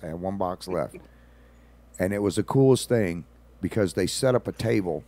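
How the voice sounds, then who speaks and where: A man's voice: deep voice, moderate pace, dark tone. A man, a regular on a radio show, telling rambling stories in casual talk with folksy asides.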